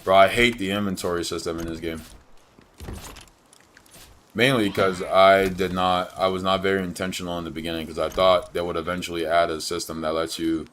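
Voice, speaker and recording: A man's voice: low voice, little pitch movement, a little fast, fairly bright tone, a little hiss or hum. Slangy young male gamer streamer. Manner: slangy, blunt, says "bro" a lot. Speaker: livestreamer. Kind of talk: casual chat while gaming.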